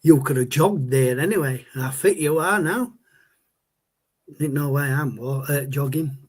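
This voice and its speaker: A man's voice: fairly high pitch, measured pace, darkish tone. A man, hosting a casual livestream and rambling as he answers viewer chat. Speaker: livestream host.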